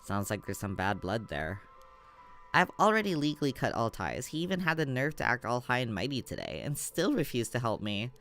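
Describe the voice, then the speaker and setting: A man voicing a hostile, sharp-tongued young woman who sneers as he reads a game aloud. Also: medium pitch. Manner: sneering, scornful.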